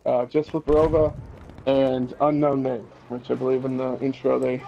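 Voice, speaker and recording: A man's voice: medium pitch, flat delivery, normal speed, creaky, dull audio, noisy background. A man who leads a gaming clan, chatting casually in an interview, easygoing and laughing often. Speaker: clan leader.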